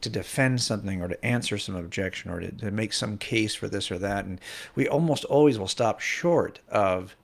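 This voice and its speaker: A man's voice: fairly low pitch, moderate pace, vocal fry. A man hosting a podcast interview, prompting his guest and reflecting on his own speaking work. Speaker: podcast host. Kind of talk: interview conversation.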